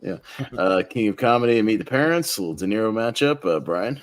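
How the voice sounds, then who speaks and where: Deep-voiced laughing male podcast host. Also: lively intonation, quick pace. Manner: laughs often, easygoing. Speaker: podcast host running a movie bracket. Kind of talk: casual group chat.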